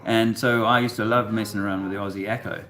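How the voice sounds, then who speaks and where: A man co-hosting a casual chat, rambling and halting, with many fillers and restarts. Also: lowish voice, steady tone, pushed and bright. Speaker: co-host.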